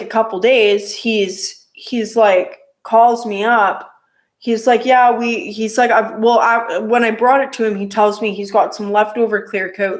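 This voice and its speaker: A woman telling a casual story about her motorcycle build, rambling with lots of fillers and restarts. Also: mid-range voice.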